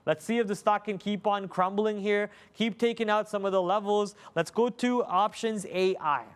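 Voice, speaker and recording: A man hosting a day trading livestream, thinking aloud with excitable remarks and many fillers and restarts. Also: high voice, normal speed, clean tone. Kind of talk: live market commentary.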